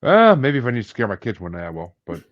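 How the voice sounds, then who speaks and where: A man's voice: mid-range voice, wildly swooping pitch, fast, muffled recording. A man who hosts a podcast, chatting casually, joking and swearing freely. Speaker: podcast host. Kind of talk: casual chat.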